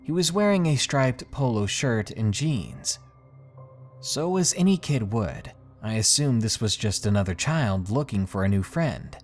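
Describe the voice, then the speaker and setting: A man's voice: mid-range voice, animated, a little slow, faint music behind. Man narrating a creepy tale. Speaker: horror story narrator. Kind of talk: scripted narration of a creepy true story.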